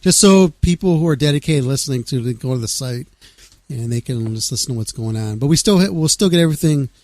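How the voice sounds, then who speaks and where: A man's voice: medium pitch, animated, fast talker, darkish tone, dry recording. A man hosting a casual radio show, rambling and laid-back, reading out press notes and chatting with a caller.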